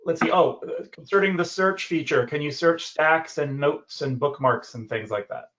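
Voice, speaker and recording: A man's voice: a little high, normal speed, a bit bright. A man moderating a webinar, reading out audience questions hesitantly, with many ums. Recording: dull lo-fi webinar audio.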